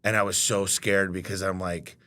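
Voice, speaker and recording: Low-voiced and speaking at a normal speed, a guest who owns a business tells casual stories about his work. He gets animated, replaying what people said to him by imitating them in acted voices.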